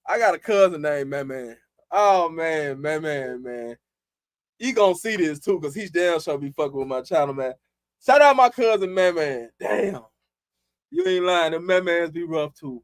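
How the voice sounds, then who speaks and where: High-voiced man, slangy streamer. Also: dry recording, studio quality. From Chicago. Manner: loose, profane street slang, laughs often. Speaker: livestream host. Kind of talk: casual live-stream chat.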